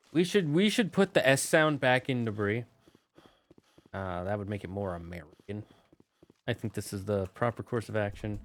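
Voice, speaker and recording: A man's voice: on the low side, expressive, normal speed, pauses often, a little hiss or hum. A man streaming a game, chatting casually and joking crudely with his chat. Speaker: gaming streamer. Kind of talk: casual let's-play commentary. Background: game music.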